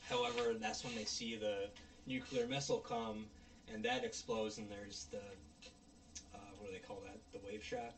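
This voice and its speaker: A man casually recapping a movie plot, rambling with lots of fillers and mock-yelling at the characters. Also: on the low side, wildly swooping pitch, normal speed, gravelly, slight background noise. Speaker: movie reviewer.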